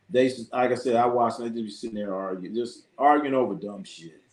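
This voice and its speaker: A man hosting a casual live sports stream, ranting with lots of swearing and reading chat comments aloud. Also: medium pitch. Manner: profane, animated ranting. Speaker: sports livestream host.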